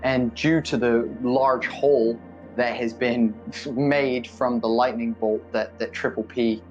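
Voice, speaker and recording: A man's voice: medium pitch, fairly even intonation, slow, lo-fi sound, faint music behind. A man narrating as game master of a tabletop game, with loose, rambling description. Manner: rambling, many fillers and restarts.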